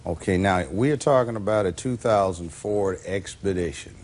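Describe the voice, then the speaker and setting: A man's voice: low-pitched, moderate pace, darkish tone, a little hiss or hum. A man presiding as a TV court judge, questioning a plaintiff bluntly with wry interruptions.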